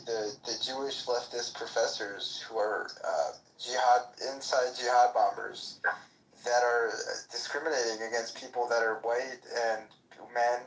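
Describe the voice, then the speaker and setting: A man's voice: mid-range voice, fairly bright tone, recorded from a distance. A man in a debate who stumbles and restarts his sentences as he builds his point. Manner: halting, restarts a lot. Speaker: debate panelist. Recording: roomy, off-mic.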